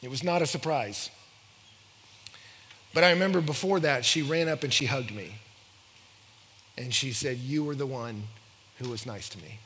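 A man preaching a sermon, telling stories and acting out dialogue in an animated way. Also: mid-range voice, moderate pace, long pauses, a little hiss or hum. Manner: animated, acts out dialogue in voices. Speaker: pastor. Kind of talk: sermon with storytelling. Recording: long hall reverb.

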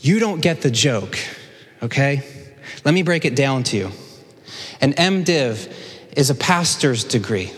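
A man's voice: mid-range voice, animated, a little slow, pauses often. A man preaching a sermon as a pastor, with self-deprecating asides and joking questions to the audience. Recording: long hall reverb.

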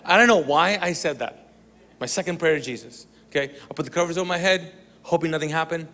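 A man telling a personal testimony to an audience, animated and comic as he acts out the dialogue. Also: fairly high pitch, fast, long reverb tail, slight background noise. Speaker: speaker sharing a testimony.

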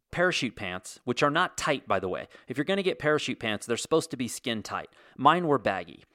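A man's voice: medium pitch, a bit bright, dry recording. Wry man telling stories, dry sound. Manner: wry, sarcastic storytelling with comic exaggeration. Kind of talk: casual solo monologue.

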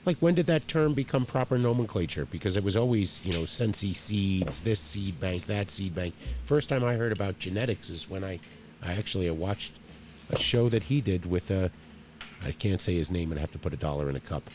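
Deep-voiced man, wry questions, noisy room. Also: lively intonation, brisk. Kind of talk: casual chat.

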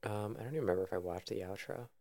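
Man, casual podcast chat, joking and laughing, gravelly voice, dry close sound. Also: lowish voice, racing, darkish tone, no room sound. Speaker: podcast co-host. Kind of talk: casual chat about anime.

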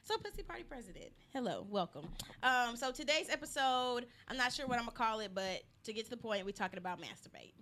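A woman's voice: a little high, expressive, quick pace, hardly any pauses, a bit bright. Brash joking woman hosting a podcast. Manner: brash, joking, laughs often. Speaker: podcast host. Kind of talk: casual chat. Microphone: studio mic.

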